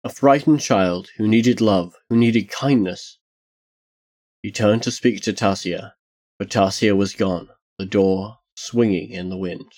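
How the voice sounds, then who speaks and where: A man reading a dark fantasy tale aloud in a measured, solemn storytelling manner. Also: lowish voice. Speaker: narrator.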